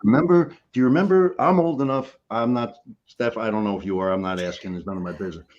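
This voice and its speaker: A man's voice: lowish voice, quick pace, darkish tone, highs cut off. A middle-aged man, a guest life coach, giving an emphatic motivational talk on a call, repeating key phrases for effect in a blunt, casual way.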